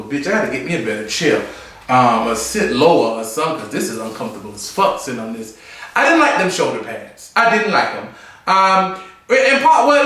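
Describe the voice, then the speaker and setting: A man's voice: mid-range voice, heavy reverb, far from the mic. A man reviewing a drag competition episode in a campy, sassy, chatty way, seated on a stool in a room. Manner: campy, sassy, animated, full of asides and mimicry. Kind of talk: casual review chat.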